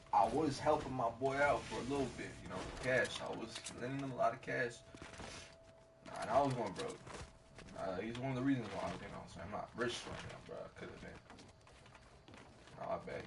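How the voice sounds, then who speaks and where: A man's voice: medium pitch, noisy background. A man streaming a game while telling a story in a casual way. He rambles, swears a lot and fills his talk with slang. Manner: rambling, slangy and profane, with many fillers. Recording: distant mic with clear background ambience.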